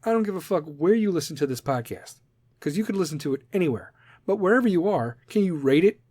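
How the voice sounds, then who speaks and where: A man's voice: fairly high pitch, animated, quick pace, darkish tone, husky, no room sound. A man hosting his own podcast, talking casually in a brash, profane, joking way. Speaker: podcast host.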